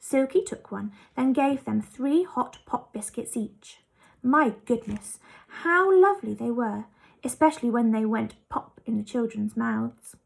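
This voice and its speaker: Woman storyteller, expressive children's book reading, raised pitch, gravelly edge. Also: measured pace. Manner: lively, expressive.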